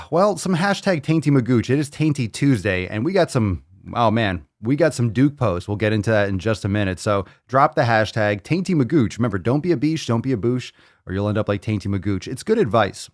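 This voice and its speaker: A man hosting a fitness podcast in casual chat, joking and animated, swearing freely. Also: medium pitch, dry recording, clean studio sound. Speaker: podcast host.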